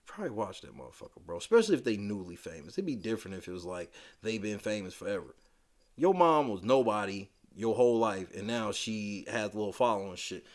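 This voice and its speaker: A fast-talking, expressive male podcast co-host riffs on reality TV in a casual chat. He's blunt and full of swearing and slang, shifting between quiet muttering and loud, forceful rants.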